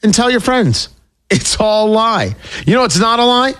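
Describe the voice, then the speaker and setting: A man's voice: high-pitched, sing-song, a little slow, fairly bright tone, smooth. Emphatic man reading a sponsor ad. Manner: emphatic, repeats points for stress. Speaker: radio show host. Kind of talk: host-read sponsor ad.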